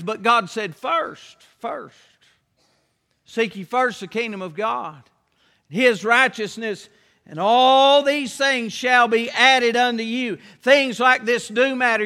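A man's voice: extremely high pitch, bright, forceful tone, smooth. A man preaching a sermon, emphatic and repetitive, drawing out key words and reading scripture aloud in a church. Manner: emphatic, repeats key phrases, draws out words; reads King James scripture aloud. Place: church sanctuary. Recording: long church hall reverb.

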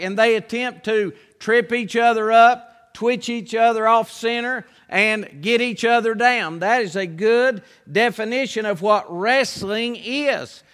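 A man preaching a sermon, praying in a reverent low voice and then preaching in an emphatic, folksy way. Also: fairly bright tone, clear, resonant tone.

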